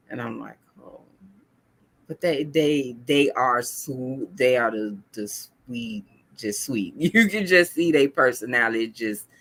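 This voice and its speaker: A woman's voice: low voice, sharp tone. A woman hosting a podcast, chatting casually and acting out family stories with lots of quoted dialogue. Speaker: podcast host. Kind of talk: casual chat.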